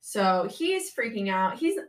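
A woman's voice: mid-range voice, takes it slowly, distant mic, a crowd in the background. Chatty young woman, a bit off-mic. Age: young adult. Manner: chatty, heavy use of "like", animated retelling. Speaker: podcast guest. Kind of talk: casual storytelling chat.

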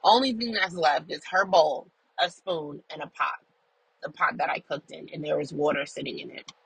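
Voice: mid-range voice, steady tone, normal speed, creaky, fairly bright tone, husky, dry recording, poor audio. A person recording a casual audio journal in a car while driving, telling a story in an emphatic, profane way. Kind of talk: casual venting monologue.

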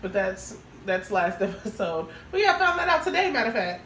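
A woman's voice: mid-range voice, fairly quick. Frank, laughing woman podcast co-host. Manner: frank, crude and laughing, animated storyteller. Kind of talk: casual podcast chat. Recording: roomy, distant mic with faint hiss.

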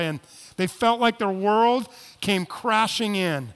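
A man preaching a sermon as pastor, moving between quiet, low asides and loud, emphatic appeals. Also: a little slow, clean tone. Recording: long hall reverb.

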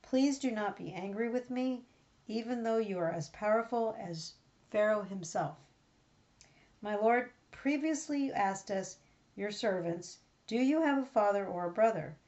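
A pleading elder brother, read by a woman in an earnest, everyday reading voice with a few small slips. The pitch sits in the middle, and the recording sounds dull and lo-fi. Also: lively intonation, measured pace, a little mellow, close to an everyday voice.

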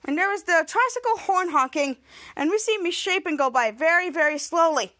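Rambling high-voiced woman podcast host. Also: animated, brisk, bright, forceful tone. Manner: rambling retelling with many restarts, acting out lines. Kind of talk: casual episode recap.

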